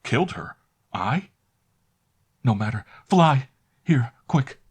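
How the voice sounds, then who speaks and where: A man's voice: medium pitch, sing-song, measured pace, a bit bright, breathy edge, voice pushed up, exaggerated voice. A man voicing a frightened young servant girl in a storybook, urging someone to flee. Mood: urgent fear.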